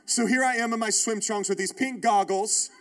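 A man in his thirties, a pastor, preaching a sermon built around a personal story, told in an animated, emphatic way with repeated phrases. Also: high voice, normal speed.

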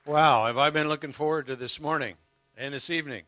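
A man's voice: a little high, a little fast, a bit bright. An older man preaching as a guest speaker, earnest and emotional, telling his story with humor. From United States. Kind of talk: sermon.

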